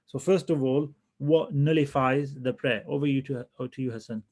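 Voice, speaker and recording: Gravelly-voiced man teaching casually. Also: mid-range voice, normal speed. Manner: relaxed, restarts often, thinks aloud. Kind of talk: casual classroom lesson.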